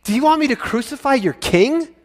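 Pilate the anxious Roman governor, as a man reads him, declaimed loud and pitched up from the reader's plain middle voice. He sounds commanding but uneasy. A long reverb trails every phrase. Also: lively intonation, brisk. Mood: urgent. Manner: raised, emphatic declaiming.

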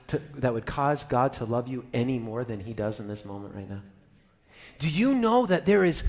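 A male pastor delivering a lively sermon. His voice sits a little high and jumps from loud, excited bursts to quiet, near-whispered asides. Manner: animated, swinging from loud high exclamations to soft near-whispers.

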